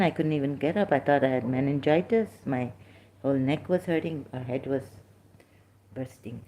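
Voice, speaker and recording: A middle-aged woman with a low, mellow voice talks through religious questions off the cuff. She wanders from point to point, stopping on "uh" and restarting her sentences. It comes across as unscripted commentary. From Pakistan. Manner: rambling and hesitant, with frequent fillers and restarts.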